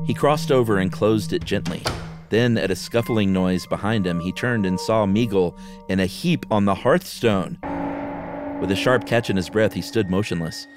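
Man, low voice, dramatic ghost-story reading, faint music behind. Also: normal speed. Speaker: podcast co-host and reader. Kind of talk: reading a ghost story aloud with casual chat.

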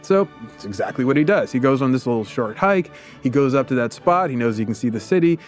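Animated man telling a story. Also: medium pitch, fast talker, soft background music. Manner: animated, acts out quotes. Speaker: podcast host. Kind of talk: casual storytelling chat.

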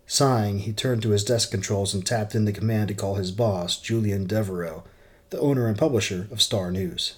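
A man narrating a story aloud in a plain, steady way. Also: fairly low pitch, normal speed. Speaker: audiobook narrator.

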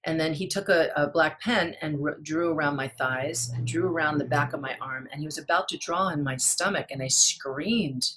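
A middle-aged woman, a guest in an interview, telling a personal story in an earnest, halting way with many restarts. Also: low voice, a bit bright, breathy edge.

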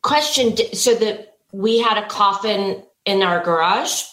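A woman's voice: medium pitch, unhurried, fairly bright tone, reverberant, rough recording. A woman, an actress, chatting as a podcast guest in a bubbly, chatty way with frequent restarts. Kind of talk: casual interview chat. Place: remote interview over internet.

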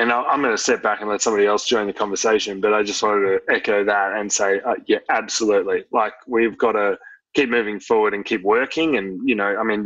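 A man co-hosting a panel, quick and agreeable. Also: on the low side, a bit bright. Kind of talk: casual panel chat. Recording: muffled online call audio.

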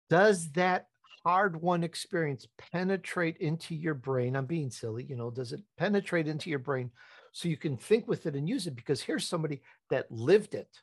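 A man talking as a guest on a podcast interview, emphatic and repetitive, rising to animated peaks. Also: on the high side.

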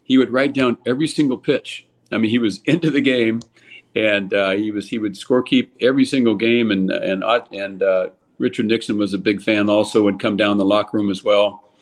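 A man's voice: lowish voice, moderate pace. An older man from California, a former ballplayer, telling anecdotes casually and animatedly, with many restarts. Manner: animated anecdote teller, lots of restarts, voices people in quotes. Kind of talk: casual storytelling.

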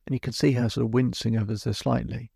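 A man's voice: mid-range voice, little pitch movement, fast talker, gravelly, warm tone, husky, no room sound, clean studio sound. A middle-aged man hosting a podcast as a hypnotherapist, recounting a client session step by step and then explaining the method. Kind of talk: storytelling monologue.

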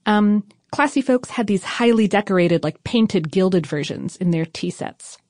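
A woman talking casually on a podcast, explaining old food history in an easy, informal way. Her voice has a middling pitch and is recorded close and dry, with no room sound. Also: lively intonation, unhurried, a little mellow, no room sound. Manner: chatty and informal, with fillers and laughs. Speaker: podcast co-host.

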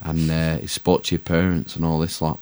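A man's voice: rumbling low, monotone, fairly quick, a little mellow. A man telling a rambling, sweary story as a podcast co-host. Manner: rambling, swears freely, self-mocking. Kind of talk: casual storytelling chat.

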